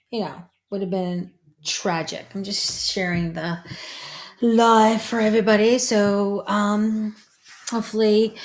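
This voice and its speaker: Chatty woman hosting a casual livestream. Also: medium pitch. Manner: chatty and rambling, greets viewers by name. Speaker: psychic medium hosting a livestream.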